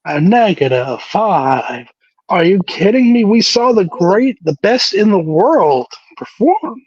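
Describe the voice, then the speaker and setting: A man's voice: high voice, sing-song, slow, a little mellow, husky, no echo. A man co-hosting a casual wrestling recap podcast, joking, laughing often and repeating his words. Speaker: podcast co-host. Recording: dull lo-fi dry sound.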